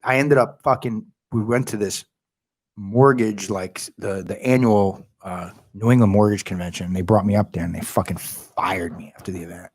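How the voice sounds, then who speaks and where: A man telling a story as a podcast guest, loud, slangy and full of swearing. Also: on the low side, steady tone, moderate pace, dry recording. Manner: loud, heavily profane, fired-up storytelling; slangy, calls listeners bro and dude. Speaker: podcast guest, realty company head. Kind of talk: casual storytelling chat.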